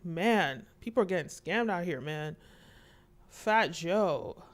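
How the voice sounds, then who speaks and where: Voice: mid-range voice, expressive, takes it slowly. A host giving casual, conversational commentary, with fillers and asides.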